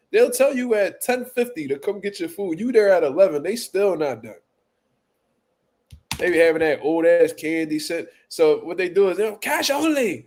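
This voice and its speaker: A male boxing talk show host spins profane comic stories in a loose, animated way, repeating himself and laughing. His voice sits a touch higher than most men's. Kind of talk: casual comedic storytelling.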